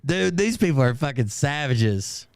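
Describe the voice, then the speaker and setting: A man's voice: mid-range voice, sing-song, a little slow, no room sound, studio quality. A man hosting a stream, reading viewer comments aloud in casual, mocking commentary and laughing often.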